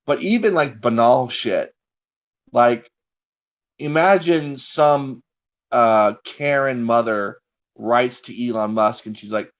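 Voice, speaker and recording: A man on a casual live stream who rambles, swears freely and builds out wild hypothetical scenarios with lots of fillers. His voice sits at an ordinary middle pitch and comes through dull, lo-fi audio. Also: slow pace. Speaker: stream co-host.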